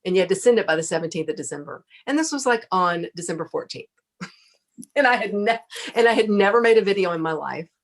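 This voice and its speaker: A middle-aged woman, a podcast guest, telling a lively story, laughing often and acting out what people said. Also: medium pitch, quick pace. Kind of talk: casual storytelling interview.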